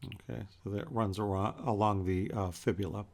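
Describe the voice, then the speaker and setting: A man teaching an anatomy lecture in a relaxed, conversational way as he points through pictures. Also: on the low side, gravelly. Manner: relaxed and conversational, with many fillers and pauses. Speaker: anatomy instructor.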